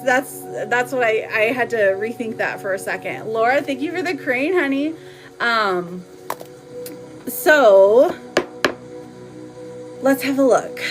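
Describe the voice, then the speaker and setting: Woman host of a live card reading, bright high voice, relaxed pace, chatty and teasing, music clearly audible underneath. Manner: chatty and playful, laughing often. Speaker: live tarot reader.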